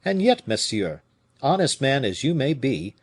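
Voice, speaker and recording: Brief: male reader playing a proud, tired musketeer in a storybook, husky, pitched up and animated. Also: unhurried, heavily acted. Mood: indignant. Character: proud weary musketeer, middle-aged man.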